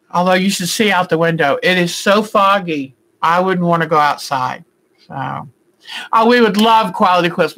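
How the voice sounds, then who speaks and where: Bright, chatty woman hosting a quilting stream. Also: medium pitch, low-quality recording. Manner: chatty and affectionate, rambling with fillers. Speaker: quilting live stream host. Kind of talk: casual live stream chat, answering viewer comments. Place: indoors at home at a computer.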